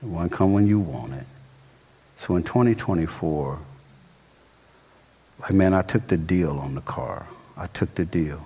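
A male pastor telling a personal story in a sermon, casual and animated, full of slangy asides. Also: deep voice, unhurried, pauses often, breathy edge, long reverb tail.

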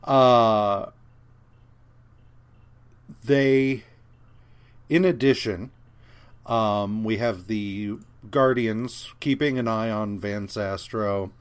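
Man, podcast co-host, slow and rambling recap, filler-heavy, profane. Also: fairly low pitch, smooth. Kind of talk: casual comic book recap chat.

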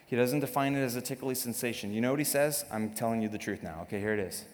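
Animated joking pastor in reverberant hall. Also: male voice, medium pitch, fast talker. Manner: animated, joking, acts out quotes. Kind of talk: sermon.

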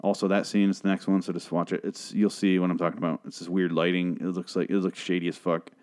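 A man's voice: low-pitched, flat delivery, quick pace, a little mellow. A man hosting a solo TV review show, recapping an episode in a rambling, profane, self-correcting way. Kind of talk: casual solo recap podcast.

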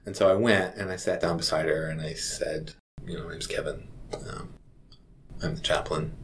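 A man who works as a hospital chaplain, telling a personal story in a reflective, halting way. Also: low voice, slight background noise.

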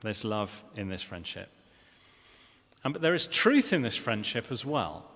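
A man's voice: mid-range voice, huge pitch swings, measured pace, fairly bright tone, slightly rough. Preacher man in an echoing church. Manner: earnest, with frequent restarts and rhetorical questions. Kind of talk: sermon. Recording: long reverb of a church hall.

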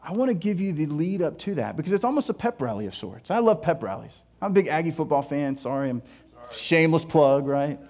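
High-voiced animated preacher man. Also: fast talker. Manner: animated, playful storytelling with mock dialogue. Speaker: pastor. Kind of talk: sermon.

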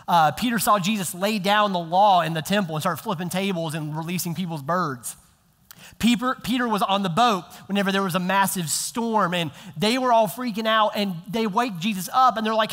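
A man preaching a conversational sermon as a pastor, acting out quoted lines in a casual, animated way. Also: high voice, in a large hall.

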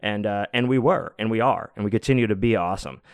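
A man's voice: on the low side, quick pace, clean tone, dry recording. Laid-back, profane man telling a story. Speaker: podcast host. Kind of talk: casual storytelling monologue.

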